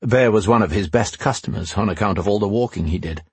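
A male audiobook narrator with a low, breathy, husky voice, telling a fantasy tale at a steady, measured pace. It is recorded close and dry, with no room echo.

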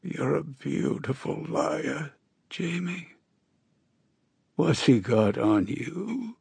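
A man voicing a sick, dying old woman with a hoarse, wheezing voice and halting speech. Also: fairly high pitch, sing-song, darkish tone, no echo, pitched above the performer's own voice, full character voice. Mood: weary, rueful. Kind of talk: audiobook character voice.

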